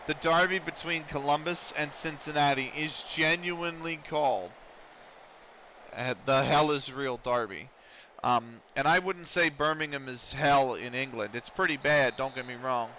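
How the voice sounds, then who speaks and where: Man, streamer, casual rambling banter, play-by-play calls, slightly high voice, muffled lo-fi sound. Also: moderate pace, bright, forceful tone, a little hiss or hum. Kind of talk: casual live-stream commentary while playing a football management game. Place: lives in the United States. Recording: dull lo-fi stream audio.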